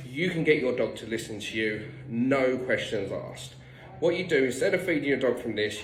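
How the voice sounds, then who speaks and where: A man's voice: medium pitch, reverberant, a little hiss or hum, poor audio. A man working as a dog trainer, giving blunt, no-nonsense instructions with the odd swear word. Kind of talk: direct instructional tips.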